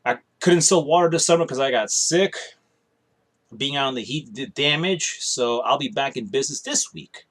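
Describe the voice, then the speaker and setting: A man's voice: mid-range voice, normal speed, fairly bright tone. A tired man rambling bluntly in a casual home vlog, complaining offhandedly as he talks straight to the camera in a small room. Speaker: vlogger.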